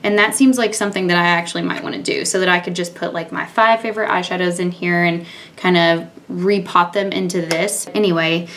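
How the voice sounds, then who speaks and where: A woman's voice: medium pitch, a bit bright. A young woman chatting casually as she demonstrates makeup, narrating each step in a candid, offhand way. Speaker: beauty vlogger. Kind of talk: casual makeup tutorial and review.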